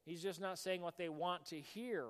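A man preaching a sermon as pastor, animated, breaking into shouts, in a church. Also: high voice, normal speed. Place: church sanctuary. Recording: long hall reverb.

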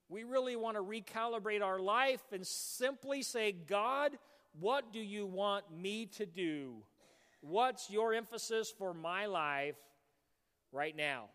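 A man delivering a sermon from the pulpit, his voice sitting high for a man. He preaches with animation and now and then breaks into a shout. The sound carries a long reverb from the church sanctuary. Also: clear, resonant tone. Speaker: pastor.

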